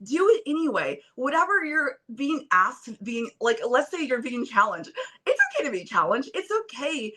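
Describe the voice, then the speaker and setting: Bright-voiced woman giving emphatic encouragement. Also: on the high side, very animated, moderate pace. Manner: earnest, emphatic, preacher-like encouragement. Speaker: podcast guest. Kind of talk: motivational interview talk. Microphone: phone on a video call.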